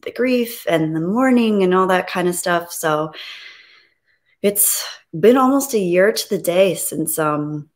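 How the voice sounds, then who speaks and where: A woman hosting a casual live stream, greeting viewers and reading their messages aloud, soft and reflective when she talks about grief. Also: fairly low pitch, expressive, a little slow.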